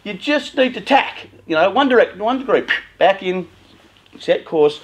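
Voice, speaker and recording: A middle-aged man giving an animated motivational talk to parents as a youth worker, acting out the voices of parents and teens. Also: sits high, a little slow, rough recording.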